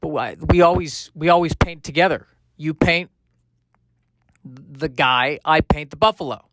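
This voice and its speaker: A man's voice: on the high side, a little slow, a bit bright, dry recording. A man playing a hurt, jealous caveman who feels betrayed by his painting partner, pleading and self-pitying. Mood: hurt, accusing. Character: wounded caveman painter, male adult, jealous.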